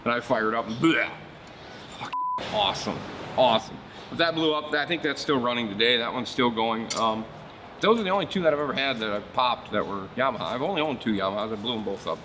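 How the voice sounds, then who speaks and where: A man's voice: mid-range voice, lively intonation, fast, bright, forceful tone, a little hiss or hum. A man hosting a marine service shop show, talking casually and bluntly about outboard motors, rambling through stories and swearing freely.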